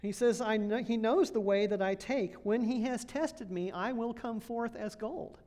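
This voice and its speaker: With a fairly high, warm voice and a measured pace, a woman serving as associate pastor preaches to her church. The tone stays conversational as she laughs now and then and puts questions to the congregation.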